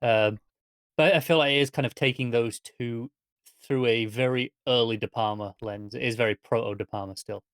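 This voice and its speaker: A man's voice: medium pitch, fairly even intonation, moderate pace, fairly bright tone, clear, resonant tone, no room sound, studio quality. A man co-hosting a movie review podcast, chiming in with laid-back, short remarks. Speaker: podcast co-host. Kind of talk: casual movie review chat.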